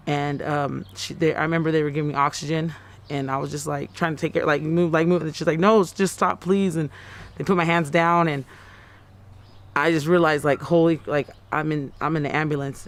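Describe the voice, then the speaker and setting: Halting woman in her thirties, smooth voice. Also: low voice, level tone. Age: 30s. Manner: halting and repetitive, often acting out her own quoted words. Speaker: interviewee. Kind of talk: personal account in a news interview.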